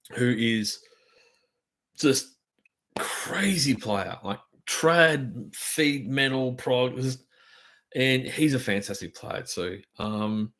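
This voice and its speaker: A middle-aged Australian man hosting a drum channel, chatting on a live stream in a rambling, enthusiastic way full of fillers. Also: mid-range voice. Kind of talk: casual live-stream chat.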